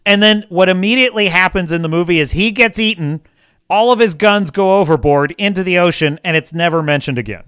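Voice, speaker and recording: A man's voice: high voice, fairly quick, a bit bright, smooth, no room sound, studio quality. A man hosting a livestream, reading chat aloud and ranting sarcastically with frequent swearing. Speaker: livestream host. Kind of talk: casual chat reading live chat.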